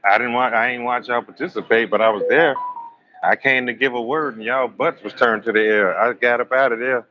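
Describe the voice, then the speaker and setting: A man hosting a live astrology stream, telling raunchy comic stories in an animated, slangy way and joking with his chat. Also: mid-range voice, a little fast, muffled recording, a little hiss or hum. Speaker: astrology livestream host. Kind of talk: live tarot reading with raunchy comic storytelling.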